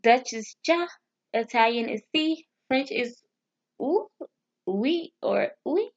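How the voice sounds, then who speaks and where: Slow, halting woman on dull lo-fi audio. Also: high voice, animated. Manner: slow, halting, sounding out foreign words with restarts; nervous, self-deprecating asides. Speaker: vlogger. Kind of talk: casual language practice vlog. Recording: dull lo-fi sound.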